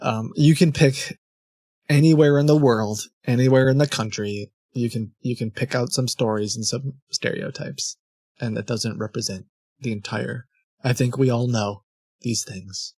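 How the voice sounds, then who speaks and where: A man's voice: medium pitch, fairly even intonation, unhurried, a little mellow, slightly rough. A young man talks casually on a stream in a mid-range voice, drifting from thought to thought and often stopping to restart a sentence. The sound is dry and close, with no room echo. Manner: rambling, self-correcting with restarts and short laughs. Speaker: scam-baiting streamer. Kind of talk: casual rambling chat on a stream.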